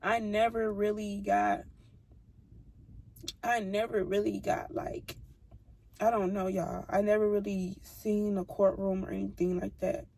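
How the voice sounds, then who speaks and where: A young woman with a gravelly, husky voice tells a personal story straight to her audience. She speaks bluntly and heatedly, swearing freely in a loose, casual storytime style. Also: mid-range voice, level tone, unhurried, a little mellow. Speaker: vlogger.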